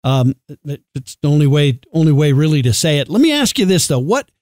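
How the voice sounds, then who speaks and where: A man's voice: a little high, big pitch swings, brisk, a little mellow, no echo. A male interviewer asking questions with thoughtful, somewhat hesitant phrasing.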